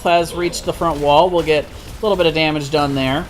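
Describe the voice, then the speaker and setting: A man doing live play-by-play commentary on an esports match, steady with frequent self-corrections. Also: a little high, normal speed, slight background noise. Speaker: esports caster.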